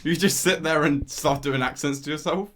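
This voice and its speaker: A man's voice: a little high, moderate pace, a bit bright. A young man, co-hosting a casual podcast chat in a laid-back, wry way. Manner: laid-back, wry, says mate a lot. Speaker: podcast co-host.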